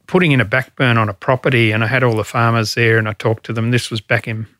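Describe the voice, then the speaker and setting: An Australian man in middle age answers interview questions in an earnest, feeling way, pausing on fillers as he thinks. His voice sits at an ordinary pitch and is recorded close and dry, with no room sound. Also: steady tone, a bit bright, no room sound. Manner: earnest, emotional storytelling, frequent fillers. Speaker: former fire commissioner.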